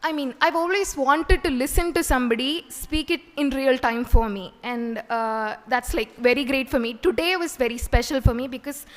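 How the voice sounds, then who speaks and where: A woman's voice: high-pitched, normal speed, hardly any pauses. Hesitant young woman student in a hall. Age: young adult. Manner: hesitant, many fillers like "like". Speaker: student giving feedback. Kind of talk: casual spoken feedback. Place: college hall. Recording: hall reverb.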